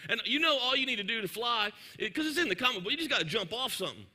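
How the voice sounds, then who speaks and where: A man, preaching to his congregation. He tells a lively, joking story and talks directly to the crowd. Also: extremely high pitch, racing. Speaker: pastor. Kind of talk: sermon storytelling.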